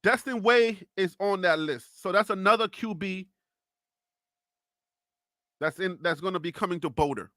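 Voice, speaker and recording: A man hosting a live sports stream, teasing chat viewers with loud, playful talk. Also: high-pitched, normal speed, pauses often, no echo, studio quality. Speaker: live sports show host.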